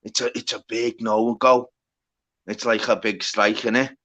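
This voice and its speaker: A man's voice: on the low side, little pitch movement, unhurried, a bit bright. A man hosting a live stream, rambling and repeating himself in casual chat.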